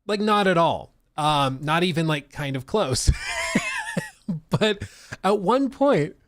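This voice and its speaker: A man hosting a casual live stream, talking in an animated, slangy way and laughing often. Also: fairly high pitch, takes it slowly, no echo, clean studio sound. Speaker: livestream host.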